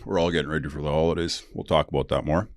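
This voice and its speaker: A middle-aged man with a notably deep voice talks in an easygoing, rambling way, full of "uh" and quick chuckles. He hosts his own podcast and sounds close and dry, with no room around him. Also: steady tone, no echo. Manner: laid-back, laughs often, many fillers. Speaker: podcast host. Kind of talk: casual storytelling and recovery reading.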